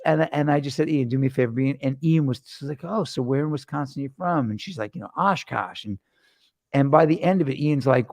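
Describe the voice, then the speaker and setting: A man hosting a casual chat show, telling rambling jokey stories with quick asides. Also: medium pitch, creaky, a little mellow, dry recording. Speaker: host.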